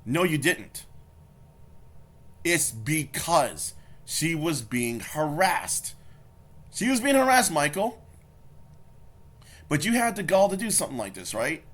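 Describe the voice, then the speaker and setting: Male reaction commentator, confrontational, swears freely, very animated delivery. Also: on the high side, slow, long pauses. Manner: heated, confrontational, swearing, repeats himself. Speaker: YouTube commentator.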